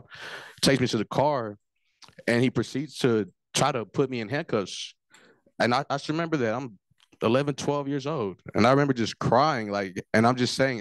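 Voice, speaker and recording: A man from Africa speaks in a low voice, earnest and steady, looping back to the same memories again and again. The sound is dry and close, with no room around it. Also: dry recording. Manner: earnest, repetitive storytelling. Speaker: forum speaker. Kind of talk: personal testimony.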